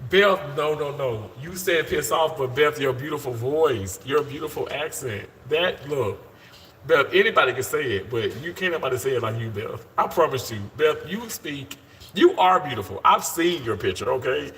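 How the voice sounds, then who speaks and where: Bright-voiced upbeat man chatting to viewers. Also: mid-range voice, lively intonation, normal speed, a little hiss or hum. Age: 30s. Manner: upbeat and talkative, addresses viewers as y'all, often restarts sentences. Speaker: live-streaming surgical worker. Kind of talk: casual live-stream chat reading viewer comments. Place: hospital.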